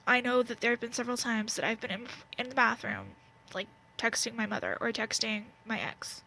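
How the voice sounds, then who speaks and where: Young Southern woman vlogger, higher voice, blunt and rambling, faint room noise. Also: lively intonation, brisk, vocal fry, sharp tone, low-quality recording. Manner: rambling and blunt, heavy on fillers. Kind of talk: candid casual rant to camera. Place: at home, wrapped in a blanket.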